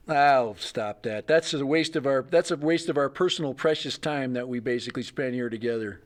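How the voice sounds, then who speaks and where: A man's voice: medium pitch, moderate pace, few pauses. A middle-aged man hosting a casual livestream, rambling and thinking aloud with chuckles. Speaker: livestream host.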